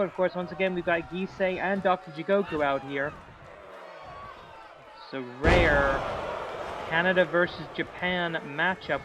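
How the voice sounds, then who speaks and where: A man calling a wrestling match as play-by-play commentator, dramatic and hype-building, rising to shouts on big moves. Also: a little high, background noise. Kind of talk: live-style wrestling commentary.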